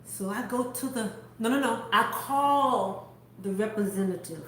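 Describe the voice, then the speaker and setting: A woman hosting a faith-based chat, telling a story with animated delivery and acting out the people in it. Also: mid-range voice, measured pace, slight background noise. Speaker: host. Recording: echoey room.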